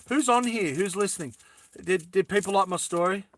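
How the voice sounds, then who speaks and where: As he makes earrings on a live stream, a man keeps the chat with viewers light and playful, joking and giggling often. His voice is high-pitched and a bit bright, at a moderate pace.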